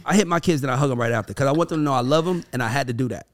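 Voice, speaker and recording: A man in his thirties co-hosting a casual talk show, telling loud, animated stories. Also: medium pitch, racing. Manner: loud, animated storytelling with profanity. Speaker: podcast co-host. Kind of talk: casual chat.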